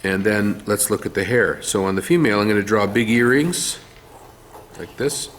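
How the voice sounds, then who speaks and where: A man's voice: fairly low pitch, moderate pace, a little hiss or hum. A man teaching art, talking through a face drawing one step at a time while he draws, with some fillers. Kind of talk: drawing tutorial demonstration.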